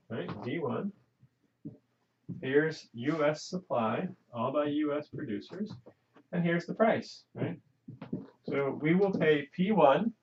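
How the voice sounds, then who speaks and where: Gravelly, chatty male economics lecturer. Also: medium pitch. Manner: chatty, folksy, checks in with "right?". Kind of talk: classroom lecture. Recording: lo-fi lecture recording.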